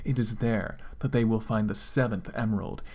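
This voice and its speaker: A man dramatically reading fan fiction aloud, with deadpan asides. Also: lowish voice, moderate pace. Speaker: comedic fanfic reader.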